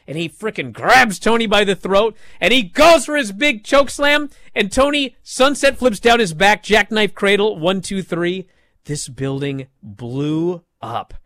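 A man hosting a casual talk show, telling a story with big swings from hushed to shouting. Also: sits high, no room sound. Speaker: wrestling podcast host.

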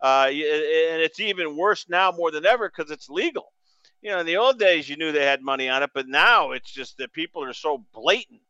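A man from New England hosts sports radio, rambling excitably and stammering through his restarts. His voice is bright, crisp and a little high, heard on dry, slightly dull radio audio. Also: brisk, no echo.

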